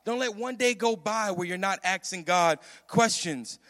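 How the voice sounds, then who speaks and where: A man with a high, light voice preaches to his congregation, animated and repeating himself as he calls out questions. The sound carries a long reverb from a church hall. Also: moderate pace. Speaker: pastor. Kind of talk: sermon.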